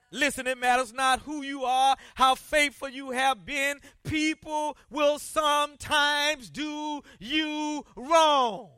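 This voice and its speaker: A man preaching a sermon as pastor, swinging from hushed reading of scripture to shouted rhetorical questions. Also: very high voice, clean tone, dry recording, studio quality.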